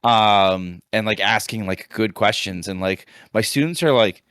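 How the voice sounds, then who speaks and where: A man in his thirties from the United States, a teacher co-hosting a podcast, telling a casual story in a rambling, animated way with many restarts. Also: lowish voice, a little slow, clean tone, no echo, studio quality. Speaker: podcast co-host, high school teacher. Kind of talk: casual chat.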